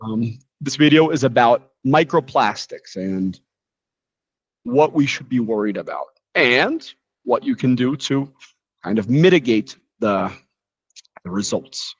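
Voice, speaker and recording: An American man teaching a live English lesson in a relaxed, chatty way with frequent asides. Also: medium pitch, unhurried, breathy edge, no echo, muffled recording. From United States. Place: living in Brazil, teaching from a quiet room.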